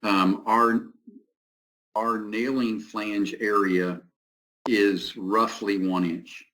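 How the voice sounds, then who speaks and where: Man, low voice, technical presenter, halting speech, lots of fillers. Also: steady tone, a bit bright, rough recording. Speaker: product representative presenting.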